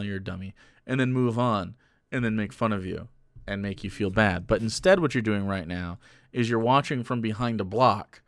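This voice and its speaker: A man's voice: lowish voice, fairly bright tone, clear, resonant tone, no room sound, clean studio sound. Crude, mocking male streamer. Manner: crude, mocking and combative, with sarcastic asides. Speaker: livestreamer. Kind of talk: casual livestream rant to chat.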